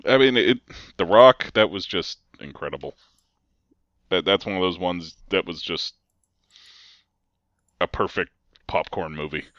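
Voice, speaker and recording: A man's voice: low voice, a little slow, pauses often, fairly bright tone, no echo. A man hosting a podcast, chatting casually about movies, laughing often and restarting his sentences. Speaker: podcast host. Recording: dull lo-fi sound.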